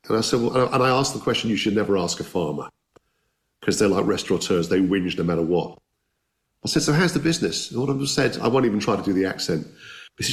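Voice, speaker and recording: A fairly low-voiced man sharing stories as a guest in a casual interview. He talks with eager enthusiasm in a loose, conversational way, stumbling over restarts as his thoughts run ahead of him. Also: very animated, fairly quick. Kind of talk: anecdotal storytelling.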